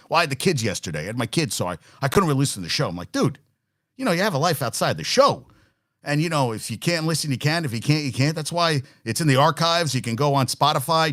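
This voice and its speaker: A man hosting a sports podcast in casual chat, rambling and animated, swearing and laughing as he talks. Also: medium pitch, dry recording, clean studio sound. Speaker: podcast host.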